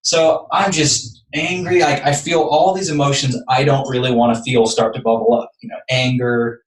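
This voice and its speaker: Podcast guest, earnest man from texas, mid-pitch voice, sits back from the mic. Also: steady tone, normal speed, recorded from a distance. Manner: earnest, building up anecdotes step by step. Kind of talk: personal storytelling. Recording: echoey room, voice off-mic.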